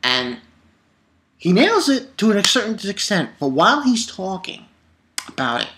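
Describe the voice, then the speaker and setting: A man talks through an anime episode in a loose, excitable recap, swearing now and then. His voice sits a little high and has a bright, forceful edge. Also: measured pace. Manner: excitable, animated retelling with swearing. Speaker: anime reviewer.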